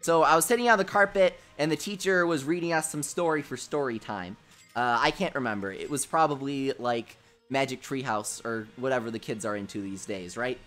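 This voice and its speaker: A young man hosting a casual gaming livestream. He tells childhood stories in an animated way, says "dude" a lot and laughs at his own jokes. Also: medium pitch, fairly quick. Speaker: livestream host.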